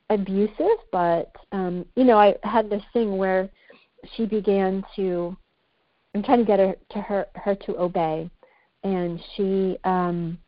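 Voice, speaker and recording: Candid and reflective, a podcast guest with a mid-range voice searches for her words in easygoing conversation. The recording has no room sound and is muffled, dry and lo-fi.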